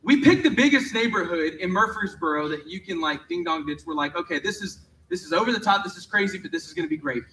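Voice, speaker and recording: A young man, speaking at a youth camp and telling a story in a lively way, with many "like"s. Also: high voice, fast talker, few pauses, a little hiss or hum. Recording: roomy, heard from a distance.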